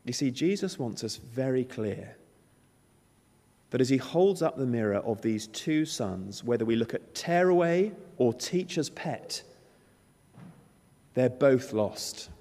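A man's voice: mid-range voice, lively intonation, slow pace, long pauses, warm tone. Man preaching in a reverberant hall. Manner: emphatic storytelling, acting out the characters' lines. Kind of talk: sermon.

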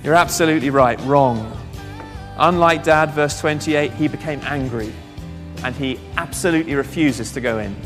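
A man preaching a sermon, telling a Bible story with lively asides and questions to the congregation. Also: on the high side, measured pace, soft background music. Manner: animated storytelling, reads scripture aloud, asks the congregation questions. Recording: long reverb of a large hall.

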